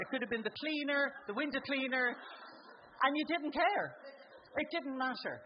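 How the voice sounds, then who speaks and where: Middle-aged Irish woman, stand-up storyteller with a very animated pitch and a muffled live recording. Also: slight background noise. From Ireland. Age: 40s or older. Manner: conversational storytelling, leaping up in pitch for acted-out exclamations. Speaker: stand-up comedian. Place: live comedy venue.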